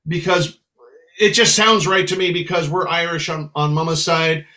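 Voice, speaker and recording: A man's voice: a little high, moderate pace. A middle-aged American man from San Francisco, a musician telling stories in an interview, who slips into accents when quoting people. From San Francisco, USA. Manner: lively storyteller, slips into accents for quoted people. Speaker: musician guest. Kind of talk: storytelling interview.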